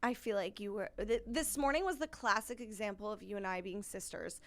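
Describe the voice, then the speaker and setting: A woman's voice: medium pitch, fairly quick, a bit bright. A young adult woman hosting a podcast in casual chat, effusive and enthusiastic, often laughing. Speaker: podcast host.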